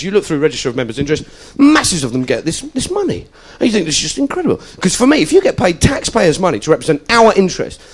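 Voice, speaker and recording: A male stand-up comedian telling sweary, animated stories onstage and acting out the voices of people in them. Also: sits high. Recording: loud background noise.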